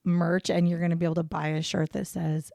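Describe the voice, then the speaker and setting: A woman's voice: on the low side, level tone, fairly quick, creaky, darkish tone, no room sound, studio quality. A woman co-hosting a casual true-crime podcast, rambling and self-deprecating, breaking into giggles as she talks. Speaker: podcast co-host.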